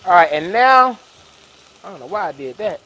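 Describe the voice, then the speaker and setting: A man's voice: sits high, big pitch swings, normal speed, bright, forceful tone. A man hosting a live cooking demonstration in a kitchen, talking casually and folksily to his viewers. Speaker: cooking show host. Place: kitchen with induction burner.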